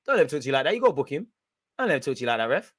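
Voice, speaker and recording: A young man hosting a football watch-along, reacting loudly in slangy, shouty commentary. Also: mid-range voice, very fast, dry recording. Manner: excitable, shouty and slangy, chanting and yelling at the referee.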